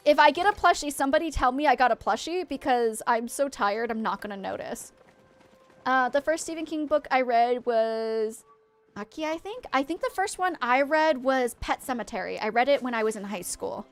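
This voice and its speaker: A young woman from Maine streaming a game, chatting with viewers in an excitable, rambling, easily distracted way. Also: high-pitched, normal speed. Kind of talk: casual livestream chat with viewers.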